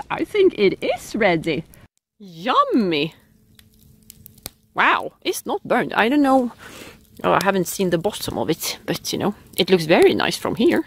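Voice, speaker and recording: A woman from Sweden with a Swedish accent chats with viewers in a casual outdoor vlog, cooking over a fire in winter and exclaiming often. Her mid-range voice swings hugely in pitch, moves a little slowly, and sounds fairly bright and slightly rough.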